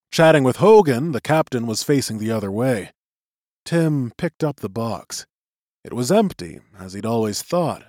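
A male narrator reading a novel with a lively, rising and falling delivery. His voice is mid-pitched and recorded dry, close to the mic. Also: no echo. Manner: expressive storytelling. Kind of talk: audiobook narration.

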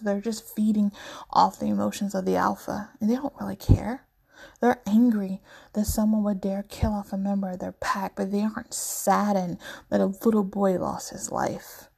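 A woman voicing a grieving, angry teenage werewolf boy in a storybook reading, speaking quietly and bitterly. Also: mid-range voice, level tone, moderate pace, gravelly, husky.

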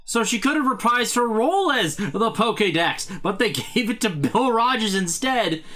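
Animated, bright-voiced man chatting. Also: sits high, moderate pace. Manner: animated, swearing, goofy threats. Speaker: podcast co-host. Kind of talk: casual chat.

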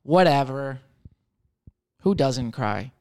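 Slow but animated, this mid-range male voice has a darkish tone. The speaker, a thirty-something server with a solo podcast, answers question cards in easy chat, telling stories that are crude, sarcastic and self-deprecating.

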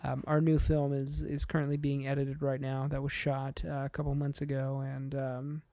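A man's voice: mid-range voice, monotone, moderate pace, mellow. A young man co-hosting a casual podcast, laid-back and hesitant, with lots of fillers. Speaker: podcast co-host. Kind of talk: casual chat.

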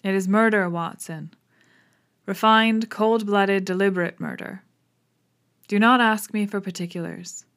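A woman's voice: mid-range voice, steady tone, a little slow, pauses often, fairly bright tone. A woman reading the lines of an intense, commanding male Victorian detective, grave and clipped.

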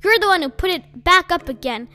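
A woman's voice: extremely high pitch, animated, a little fast, bright, forceful tone, no echo, full character voice. A woman reading an audiobook, voicing a teenage boy who rages and accuses his friend. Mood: furious. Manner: raging, accusing, sputtering.

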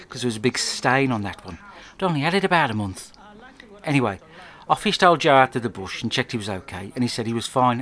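A man telling a crude, rambling story in a deadpan comic video diary, speaking alone into a close mic at home. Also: medium pitch. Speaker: comic monologue narrator.

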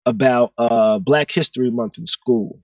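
A man's voice: medium pitch, a little slow, a little mellow, no echo, far from the mic. A man co-hosting a casual chat show, telling stories easily and repeating words as he builds his thoughts. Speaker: podcast co-host.

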